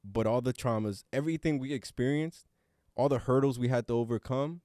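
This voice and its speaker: A man's voice: mid-range voice, brisk, mellow, no room sound, clean studio sound. A man co-hosting a casual podcast roundtable, talking earnestly and reflectively, now and then swearing casually. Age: adult with young son. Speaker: podcast co-host.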